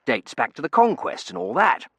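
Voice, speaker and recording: A man's voice: medium pitch, wildly swooping pitch, normal speed, pushed and bright, breathy edge, no echo, pitched above the performer's own voice, full character voice. A man voicing a polite, flustered young male undergraduate who stammers.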